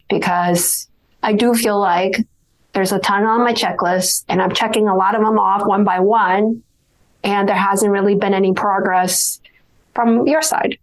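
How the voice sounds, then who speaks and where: A woman hosting an interview podcast talks in a casual, searching way, full of fillers. Her pitch sits in the middle of the range. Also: low-quality recording. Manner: hesitant, with many fillers. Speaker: podcast host.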